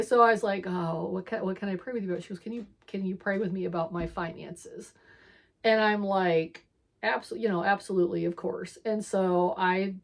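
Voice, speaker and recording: A woman's voice: medium pitch, gravelly. A woman telling a personal faith story in a casual, rambling way, quoting herself and often laughing between lines. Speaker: storyteller of her faith testimony. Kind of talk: casual spoken testimony.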